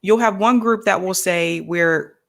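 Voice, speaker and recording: A woman's voice: fairly low pitch, measured pace, creaky, a bit bright. A woman co-hosting a podcast, talking frankly and casually and laughing easily. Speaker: podcast co-host. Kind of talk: casual conversation.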